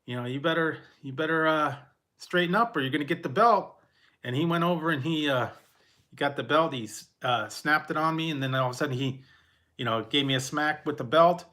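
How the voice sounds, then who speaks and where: A man tells personal stories in a loose, rambling way. He stops and restarts his sentences and chuckles often. His voice is bright and forceful at a middling pitch. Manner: rambling, halting, laughs often. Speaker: vlogger. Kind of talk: casual personal storytelling.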